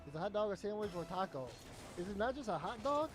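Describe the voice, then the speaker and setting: A co-caster calling a video game match with excited play calls and joking banter. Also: medium pitch, quick pace, music in the background. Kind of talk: casual esports commentary.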